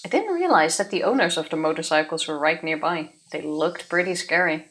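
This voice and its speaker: A woman's voice: deep voice, expressive, brisk, a bit bright. Woman reading game text aloud. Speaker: let's play co-host.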